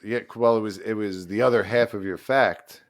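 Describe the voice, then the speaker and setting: A man co-hosting a casual podcast game, working through rules and facts deliberately. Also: on the low side, fairly even intonation, no room sound, studio quality. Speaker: podcast co-host.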